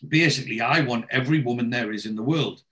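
A man's voice: medium pitch, fast, sharp tone, close to an everyday voice. A man playing an immature, middle-aged ladies' man. He rambles and trips over his own excuses in a plain everyday voice. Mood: sheepish. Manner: rambling, sheepish confessing.

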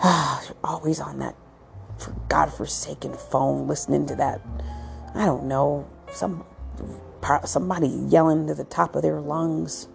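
A woman voicing a fed-up house pet that scorns its owner, sighing and muttering in a low, half-whispered voice. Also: steady tone, a little slow, vocal fry, soft background music, exaggerated voice. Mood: scornful.

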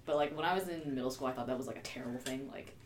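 Speaking in a racing bass voice, a young American podcast co-host from Prince George's County, Maryland, chats casually and giggles often, with plenty of "like" and "um." The room is echoey, with some faint background noise.

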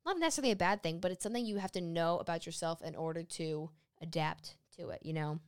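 Woman, podcast co-host, lowish voice, bubbly chatty banter, dry close sound. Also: smooth, no echo. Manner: bubbly, chatty, quick to joke. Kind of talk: casual podcast chat.

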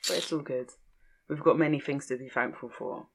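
A woman's voice: rumbling low, steady tone, fairly quick, slightly rough. A woman, co-hosting a casual podcast chat, candid and laughing often. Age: 30s. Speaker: podcast co-host.

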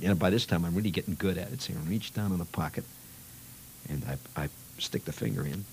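A man's voice: low-pitched, quick pace, darkish tone, a little hiss or hum, poor audio. A man telling a childhood story in a rambling, conversational way, peppered with "you know" and "see".

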